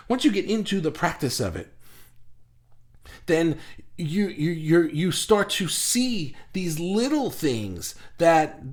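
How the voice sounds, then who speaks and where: A man hosting a live stream, reading viewers' comments aloud and riffing on them in a rambling, self-mocking way. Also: on the high side. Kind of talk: casual live-stream chat.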